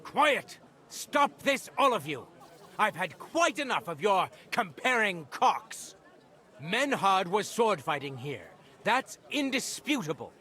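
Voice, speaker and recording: A stern, commanding town judge in a video game. He speaks formally in a high, lively voice. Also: slow pace, full character voice.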